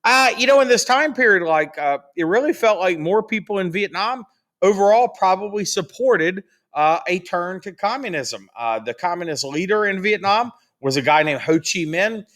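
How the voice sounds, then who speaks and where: Guy teaching a history lesson, bright voice, super casual with lots of fillers. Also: high-pitched, expressive, moderate pace. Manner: casual, chatty, many fillers, acts out quotes. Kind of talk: recorded classroom lecture.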